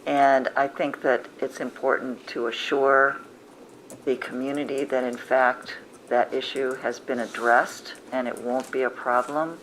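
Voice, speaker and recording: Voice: medium pitch, level tone, measured pace, fairly bright tone, a little hiss or hum, rough recording. A city council member who politely makes a concise request at a meeting.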